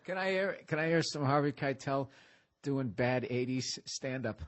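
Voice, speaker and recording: A man's voice: mid-range voice, normal speed. A man hosting a podcast in casual banter, eagerly egging on his guest. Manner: eager, egging on, laughing along. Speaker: podcast host.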